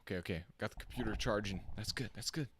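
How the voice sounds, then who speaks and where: A man giving casual, excitable live-stream race commentary from a home computer setup, reacting on the fly and chatting to his viewers. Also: lowish voice, fast talker, a little hiss or hum.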